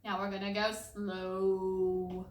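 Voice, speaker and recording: A homeschool memory-work tutor leads children in call-and-response drills, chanting and singing facts and playfully coaxing them to repeat in silly voices. Her mid-range voice is slow with a completely flat delivery, and the dull audio has slight hiss or hum, recorded far from the mic in an echoey room.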